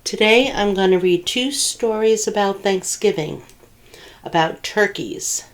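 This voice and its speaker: A woman's voice: mid-range voice, measured pace. A woman librarian reading picture books aloud at a children's storytime, asking the children questions. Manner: animated, asks children questions.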